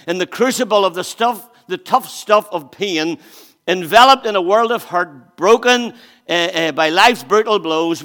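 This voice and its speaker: A man preaching a sermon, swinging between loud emphasis and hushed, slow phrases as he reads scripture aloud. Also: high-pitched, in a large hall.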